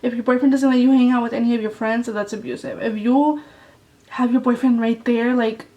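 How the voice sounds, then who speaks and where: Young woman on her vlog, casual storytime, kinda high voice, cussing nonstop, mic kinda far away. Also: steady tone, a little fast, warm tone, muffled recording. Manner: blunt, heavy swearing, lots of "like". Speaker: vlogger.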